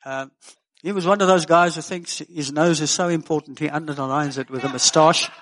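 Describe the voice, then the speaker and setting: A man's voice: fairly high pitch, steady tone, moderate pace, a bit bright, a little hiss or hum. An older man preaching a sermon as pastor, folksy and earnest with joking asides.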